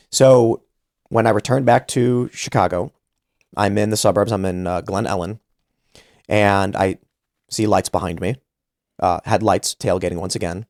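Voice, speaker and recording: A man's voice: fairly low pitch, a little mellow, no echo, clean studio sound. A man in his thirties hosting a podcast, telling a story casually and animatedly, acting out the voices he quotes. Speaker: podcast host.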